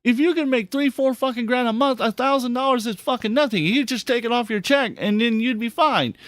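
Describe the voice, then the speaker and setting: Fast-ranting, profane podcast host, a man. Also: very high-pitched, fairly bright tone, no room sound. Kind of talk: casual commentary on clips.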